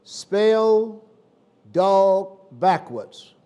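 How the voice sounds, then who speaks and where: High, lively Southern preacher man. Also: very slow, clear, resonant tone. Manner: call-and-response preaching with sudden loud and soft swings. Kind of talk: sermon.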